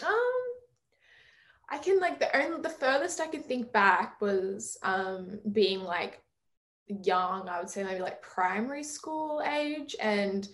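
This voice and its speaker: A young woman in a relaxed interview, chatty and easygoing. Her talk is full of "like," restarts and small laughs, at a medium pitch for a woman. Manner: chatty, fills speech with "like" and quick laughs. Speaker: singer in a band, interview guest. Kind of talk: casual interview chat.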